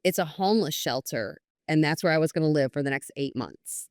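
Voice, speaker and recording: Earnest woman, lowish voice, dry sound. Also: expressive, fairly quick, no echo. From New York. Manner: earnest, candid storytelling with frequent "I was like" and quoted dialogue. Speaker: podcast guest. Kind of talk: personal testimony in conversation.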